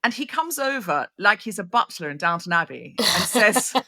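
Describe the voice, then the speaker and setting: A woman's voice: medium pitch, moderate pace. A middle-aged woman hosting a podcast, telling stories with playful teasing in a casual comic chat. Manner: lively storyteller, playful teasing. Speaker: podcast host.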